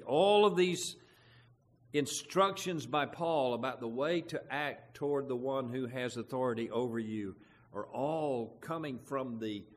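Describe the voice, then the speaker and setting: Conversational male pastor in a reverberant hall. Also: medium pitch. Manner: conversational, asks the congregation questions. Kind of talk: sermon.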